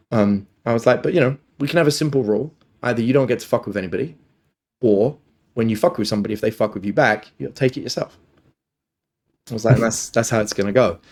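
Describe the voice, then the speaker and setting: In a mid-range voice with a somewhat dark tone, a man guesting on a podcast, a dating coach, relays loose, wandering personal stories in casual talk. He swears a lot and often repeats what he himself said.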